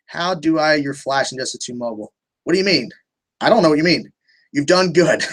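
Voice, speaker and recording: A man's voice: mid-range voice, normal speed, a bit bright. A young man hosting a casual livestream, answering viewer questions in a rambling way, restarting sentences and swearing freely.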